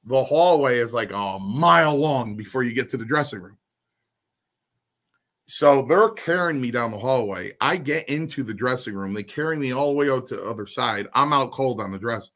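Blunt, animated male storyteller. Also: mid-range voice. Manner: animated, acts out the people in his story; blunt, salty language. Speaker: interview guest recounting his wrestling career. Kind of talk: casual anecdotal storytelling.

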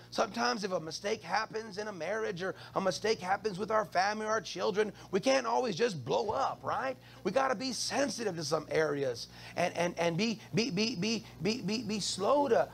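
A man's voice: sits high, creaky. A male pastor preaching a sermon in church, calling out to the congregation and repeating words as he goes. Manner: call-and-response preaching, stammering repeats.

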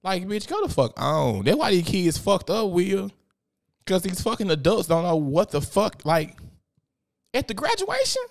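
A man, hosting a podcast in a blunt, profane, animated storytelling manner. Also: high-pitched, moderate pace, gravelly. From Memphis, USA. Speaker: podcast host. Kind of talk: casual podcast monologue.

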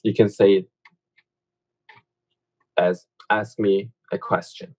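A young man with a somewhat low voice teaches Turkish verbs in a relaxed, unhurried online lesson. His first language is Turkish, and his explanations wander through fillers and self-corrections. Keyboard typing clicks now and then behind him. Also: poor audio. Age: young adult. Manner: informal, many fillers, corrects his own slips.

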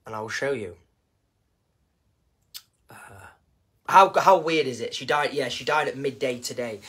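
A man's voice: medium pitch, a little slow, a bit bright, breathy edge. A man from England with an English accent, talking casually and emotionally on a live stream, rambling and repeating himself.

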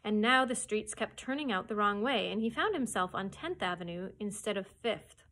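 A woman librarian reads a children's chapter book aloud at story time. Her delivery is expressive, with a middle-range pitch. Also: normal speed.

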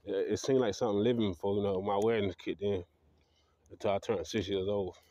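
A man's voice: lowish voice, steady tone, fast talker, mellow. A man telling his dream stories in a rambling, profane monologue, laughing at his own tales. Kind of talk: casual storytelling monologue.

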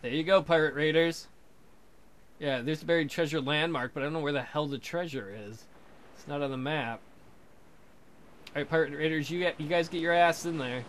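A man's voice: a little high, normal speed, pauses often, fairly bright tone, slight background noise. A young man giving casual, joking commentary over a pirate video game, with crude, playful asides. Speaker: let's play gamer.

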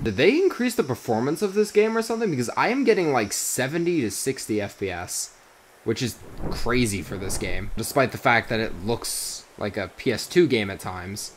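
A man's voice: lowish voice, sing-song, normal speed, noisy background. A man from South Jersey giving casual, rambling gameplay commentary as a YouTuber, swearing often and saying "you know" constantly. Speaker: gaming YouTuber.

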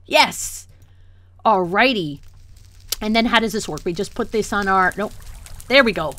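Excitable, lively woman gamer, bright voice. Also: medium pitch, a little slow, dry recording. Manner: excitable, flustered, laughing often. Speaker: gaming channel host. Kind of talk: let's play commentary.

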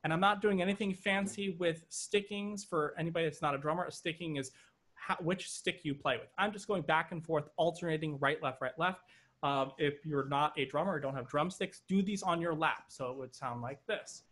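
A man's voice: a little high, brisk, fairly bright tone. A man teaching an online drum lesson over a video call, counting triplets aloud in rhythm and joking now and then. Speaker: drum instructor.

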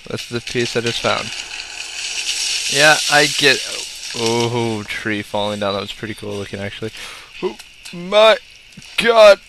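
A man's voice: fairly low pitch, little pitch movement, normal speed, noisy background. A young man casually commenting on a game he is playing, talking to himself, swearing and yelping when startled. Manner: jumpy, swears, talks to himself, hums and yelps. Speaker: gameplay commentator. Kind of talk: casual let's-play commentary.

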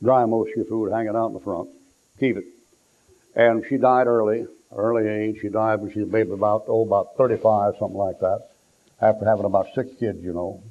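A man's voice: fairly low pitch, fairly even intonation, brisk. A male preacher telling homespun stories in a rambling folksy sermon, with restarts and down-home phrasing. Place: church. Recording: tinny lo-fi tape.

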